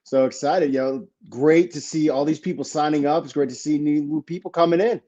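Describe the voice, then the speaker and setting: A man's voice: fairly high pitch, steady tone, a little fast, warm tone, dull audio. A man joining as a guest betting analyst, greeting the hosts in a friendly, upbeat way. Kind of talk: casual greeting.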